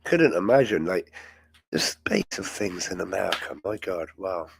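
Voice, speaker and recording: A man's voice: deep voice, expressive, normal speed, vocal fry, a little hiss or hum. A man hosting a live chat show, talking in a rambling, chatty way and laughing often. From England. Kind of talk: casual live-stream chat.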